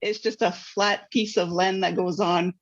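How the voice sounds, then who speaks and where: A woman's voice: fairly low pitch, fairly even intonation, measured pace, slight background noise. A woman hosting an interview, responding and affirming in a conversational way. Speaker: host. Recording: dull lo-fi audio.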